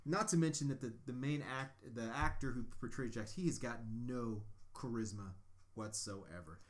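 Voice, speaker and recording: A young man mocks a bad spy movie with sarcastic, lively storytelling. He talks in a middle-pitched voice and speaks loosely and casually from a home basement studio setup. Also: normal speed. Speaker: podcast co-host. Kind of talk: casual movie-review chat.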